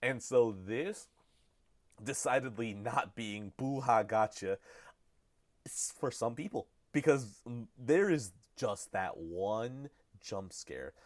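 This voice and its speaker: Low-voiced man, crude and jokey. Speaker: podcast co-host. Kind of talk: casual chat.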